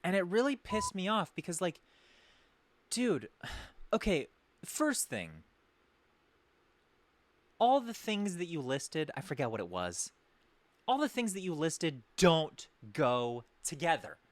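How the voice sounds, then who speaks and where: A man's voice: on the high side, sing-song, slow, long pauses, dry recording. Sarcastic, rambling comic storyteller guy. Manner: rambling, self-correcting, sarcastic. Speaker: podcast host. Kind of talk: comedic storytelling.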